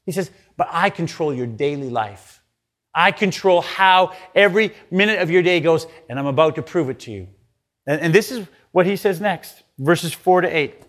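A man with a fairly high voice gives a sermon in a relaxed, conversational way. He reads the scripture aloud and slips into the voices of the people he quotes. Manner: conversational preaching, acts out quoted lines. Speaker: pastor.

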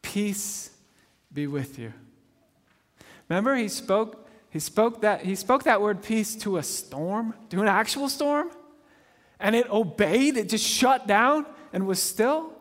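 A middle-aged man delivers a sermon from the pulpit at an unhurried pace, his voice sitting high for a man. He is earnest and leans on repetition, circling back to phrases and checking in with the congregation. The sound carries the long reverb of a large church sanctuary. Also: a bit bright. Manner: earnest, repeats phrases for emphasis, asks "right?". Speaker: pastor.

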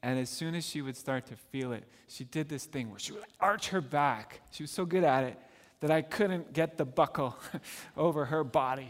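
A man preaching a sermon as pastor, shifting between loud emphatic lines and soft hushed stretches. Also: a little high. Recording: long church reverb.

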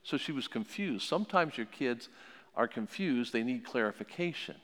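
A man teaching about parenting in a sermon style, telling stories in an animated way and repeating his key phrases. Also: mid-range voice, moderate pace. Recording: long hall reverb.

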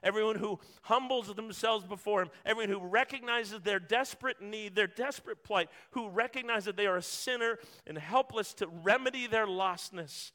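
A man's voice: high-pitched, normal speed, few pauses, bright, forceful tone. A man preaching a sermon, earnest and building through repetition, acting out short quotes. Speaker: pastor.

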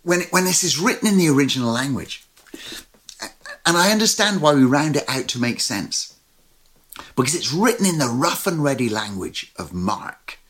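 A male pastor preaching a sermon, telling the story with animated swings between loud and soft. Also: medium pitch, moderate pace, slightly rough.

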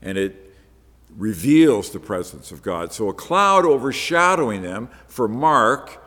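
A man's voice: mid-range voice, a bit bright. Preacher man in a reverberant hall. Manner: conversational, explaining step by step. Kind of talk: Bible-teaching sermon.

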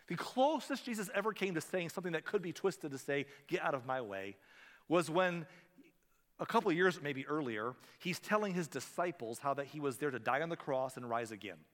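Man, pastor, sermon, hushed-to-loud delivery, lingering hall reverb. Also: fairly high pitch. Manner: dynamic preaching, swings from hushed to loud.

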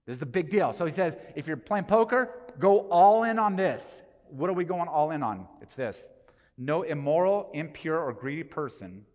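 Casual preacher in a reverberant hall. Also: male voice, mid-range voice. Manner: casual, conversational preaching with rhetorical questions. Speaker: pastor. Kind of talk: sermon. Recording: dull sound with long hall reverb.

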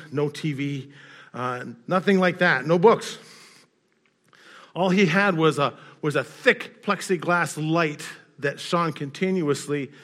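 Male pastor, slightly high voice, preaches through a story, swings loud to soft. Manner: storytelling, rising loud and high in quoted scenes, dropping quiet in reflection. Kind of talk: sermon.

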